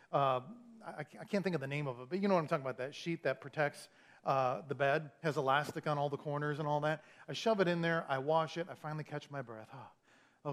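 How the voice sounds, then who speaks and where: A man's voice: a little high, fairly bright tone. A man preaching through a funny personal story, acting out his own frustration in a self-mocking way. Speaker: pastor. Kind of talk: storytelling sermon.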